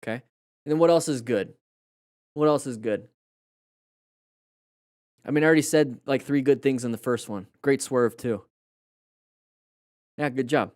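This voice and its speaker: An unhurried man with a medium-pitched, slightly mellow voice pauses often as he casually comments on motorcycle crash clips during a live stream. He rambles chattily with frequent restarts and fillers, coaching with praise and jokes for the chat, in studio-quality audio with no echo.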